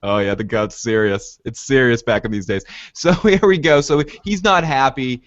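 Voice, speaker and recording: A man's voice: mid-range voice, moderate pace, no room sound, muffled recording. A man hosting a casual TV recap podcast, retelling scenes with lots of energy. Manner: animated retelling, acts out lines in funny voices. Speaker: podcast host.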